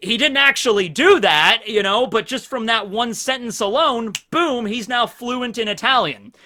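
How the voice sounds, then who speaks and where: Bright high-voiced man rambling. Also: moderate pace. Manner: rambling, full of fillers, jumps into animated voices. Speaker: anime commentator. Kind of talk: casual solo commentary.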